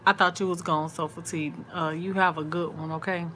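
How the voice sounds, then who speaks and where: A woman's voice: lowish voice, flat delivery, fairly quick, pushed and bright, a little hiss or hum. A woman, sleepy and chatty, talking casually to viewers in a late-night live chat. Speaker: vlog host.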